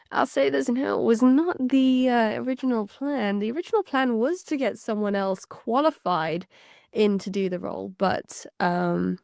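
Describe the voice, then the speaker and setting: A woman's voice: a little high, a little slow, creaky, darkish tone, no room sound, studio quality. A young woman co-hosting a podcast, chatting in a rambling way with light laughs. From England. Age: young adult. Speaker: podcast co-host. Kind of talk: casual chat.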